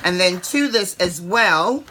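A woman hosting a cooking show, chatting warmly and animatedly as she demonstrates a recipe in her kitchen. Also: fairly low pitch, lively intonation, slow, noisy background.

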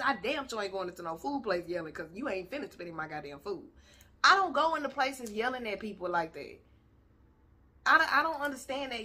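A woman hosting a reaction vlog, talking in animated, profane, slangy casual commentary with laughing asides. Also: high-pitched. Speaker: vlog host reacting to videos.

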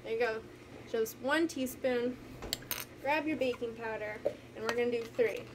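A high-pitched woman leads a children's lesson at home, gentle and encouraging as she talks to the camera. Now and then she loses her place and backtracks. A faint hum of room noise sits behind her. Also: measured pace. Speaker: teacher. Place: home with a carpet.

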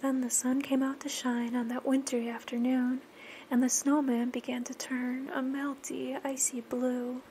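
A woman gently narrating and singing a children's story in a soft, sing-song voice that often drops to a whisper. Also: sits high, little pitch movement, unhurried, a little hiss or hum.

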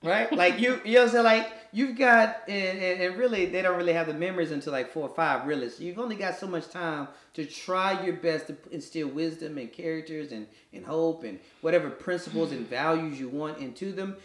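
A man's voice: fairly high pitch, fairly quick, hardly any pauses, fairly bright tone, reverberant. A man co-hosting a podcast with his wife, speaking in an easygoing, reflective way about raising kids. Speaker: podcast co-host. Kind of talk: casual parenting chat.

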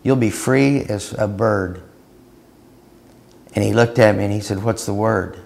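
A man teaching a Christian seminar and telling a story, growing loud and animated as he acts out what he said. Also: on the low side, a little slow, vocal fry. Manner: storytelling, growing loud and animated when acting out his reply. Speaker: preacher.

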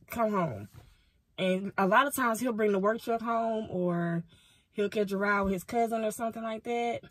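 A woman's voice: mid-range voice, slightly rough, no echo. Earnest woman vlogging from her car. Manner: earnest, heartfelt, rambling. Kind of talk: casual vlog storytelling. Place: parked car. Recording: car noise in background.

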